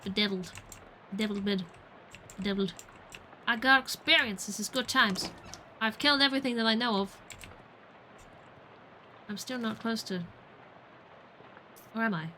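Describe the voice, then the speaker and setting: Chatty woman gaming streamer, bright voice. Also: on the high side, expressive, normal speed, pauses often, slight background noise, poor audio. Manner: chatty and playful, muttering to herself with wordplay. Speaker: streamer playing a video game. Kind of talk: gaming livestream commentary.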